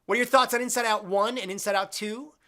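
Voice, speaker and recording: A young man with a fairly high, bright and forceful voice chats loosely with his viewers on a live stream. He rambles, gets blunt, and swears casually while he reads comments aloud. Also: steady tone, fast.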